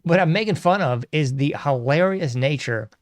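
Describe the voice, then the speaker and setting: A man's voice: fairly high pitch, lively intonation, moderate pace, no room sound. A man hosting his own show, rambling and sarcastic, laughing often as he talks. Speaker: podcast host. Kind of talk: casual solo commentary.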